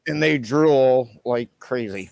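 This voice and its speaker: A man on a livestream chats about dogs and tells stories with lots of energy. His voice sounds dry and close to the mic, with no room around it. He acts out the shouted lines in his anecdotes. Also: mid-range voice, takes it slowly, gravelly, dry recording. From Canada. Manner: animated storyteller, acts out shouted quotes. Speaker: livestream host. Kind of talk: casual chat.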